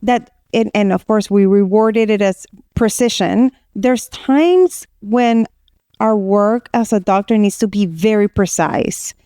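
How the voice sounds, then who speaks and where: A woman's voice: medium pitch, takes it slowly, warm tone, no room sound, studio quality. A woman psychiatrist from Puerto Rico, co-hosting a podcast and telling personal stories candidly with many restarts. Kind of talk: casual podcast conversation.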